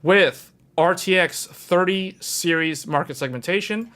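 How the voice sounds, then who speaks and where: A man with a fairly high voice hosts a casual livestream about PC hardware. He talks to his viewers directly in an animated, emphatic way, hammering his points home with repetition. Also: unhurried, hardly any pauses. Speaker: tech livestream host.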